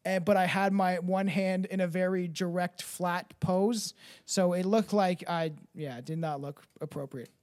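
High-voiced profane podcast man. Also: fairly even intonation, unhurried, a little mellow. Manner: profane, rambling, laughs often. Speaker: podcast host. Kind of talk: casual podcast banter.

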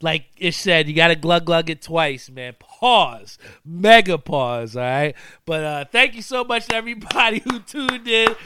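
A man's voice: on the high side, expressive, moderate pace, few pauses, sharp tone, clean tone. A man hosting a casual talk show, chatting in a laid-back way and often tacking "man" onto his sentences. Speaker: podcast host. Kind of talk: casual show sign-off with sponsor shout-outs.

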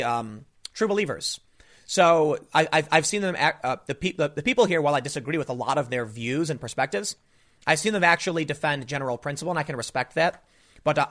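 A man with a somewhat high voice gives a loose, off-the-cuff political commentary. He rambles and restarts his sentences often, speaking straight to his audience. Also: fairly bright tone. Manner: rambling, frequent restarts and fillers. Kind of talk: casual opinion monologue.

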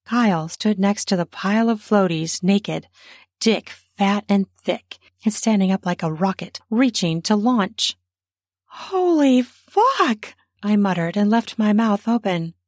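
A woman narrating an erotic story in the first person, soft and breathy, sometimes dropping to a whisper. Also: mid-range voice, unhurried, no echo, clean studio sound.

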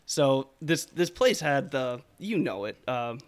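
A man's voice: medium pitch, very animated, slow. Laid-back rambling man telling stories. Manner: rambling storyteller, laughs often. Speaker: podcast co-host. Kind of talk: casual chat.

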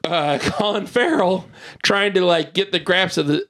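A man's voice: sits high, lively intonation, unhurried, a bit bright. A man in casual chat, rambling through a film recommendation with filler words and swearing. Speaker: podcast co-host.

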